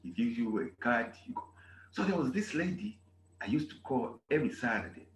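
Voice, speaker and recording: A man from Zambia, teaching a German class in an animated way and repeating key phrases. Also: medium pitch, fairly quick. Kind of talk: online class lecture. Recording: echoey room with faint noise.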